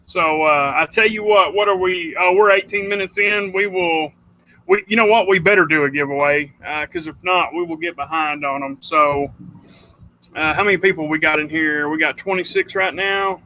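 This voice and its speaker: A livestream host rambles and chats casually, often calling people "dude," in a fairly high, bright, forceful voice with fairly even intonation at a moderate pace. The recording is low quality with slight background noise.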